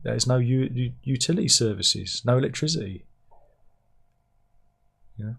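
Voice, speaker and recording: Man, gravelly voice, casual news commentary, wry, chatty, home room. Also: mid-range voice, expressive, moderate pace, fairly bright tone. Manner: chatty, wry, laughs at his own jokes. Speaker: host.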